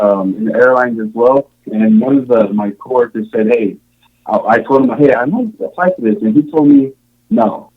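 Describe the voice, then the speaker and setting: Podcast guest, man from Samoa, mid-pitched, rambling storyteller, slightly muffled recording. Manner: rambling, many fillers and restarts, frequent laughs. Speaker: podcast guest, show contestant. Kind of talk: casual storytelling interview.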